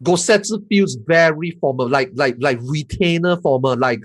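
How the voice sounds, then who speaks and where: A man, a guest on a gaming podcast, explaining things in a lively way with repeated words. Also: fairly high pitch, moderate pace, no echo. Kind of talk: casual gaming podcast chat.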